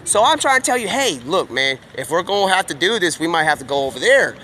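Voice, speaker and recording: A man live streaming outdoors, rambling excitedly in slangy talk as he jumps from one topic to the next. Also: sits high, quick pace, slight background noise. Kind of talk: rambling stream-of-consciousness monologue.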